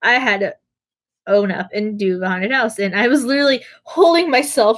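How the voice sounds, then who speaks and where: A woman's voice: on the high side, brisk, a bit bright. A young woman streamer telling stories in a casual, rambling way, mocking herself and laughing as she goes. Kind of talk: casual storytelling.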